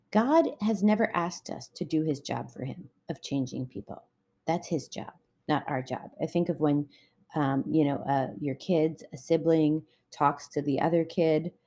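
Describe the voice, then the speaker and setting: Brief: middle-aged woman, lowish mellow voice, chatty devotional speaker telling anecdotes. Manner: conversational, full of personal anecdotes. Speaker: Christian relationship speaker. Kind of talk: casual devotional talk.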